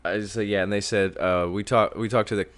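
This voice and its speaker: A man's voice: fairly low pitch, fairly even intonation, fairly quick. A man co-hosting a film podcast, chatting casually and bluntly. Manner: blunt, profane, laid-back. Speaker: podcast co-host. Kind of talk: casual chat.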